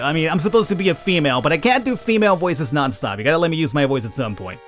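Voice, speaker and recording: A man hosting a let's play, commenting on a game in an animated, joking way and laughing often. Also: a little high, fast, soft background music. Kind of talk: gameplay commentary.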